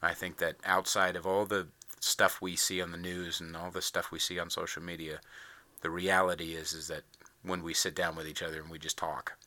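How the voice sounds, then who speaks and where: A man's voice: deep voice, level tone, brisk, pushed and bright, dry recording. A man hosting a podcast in casual interview chat, earnest and laughing often, rambling with many restarts. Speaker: podcast host.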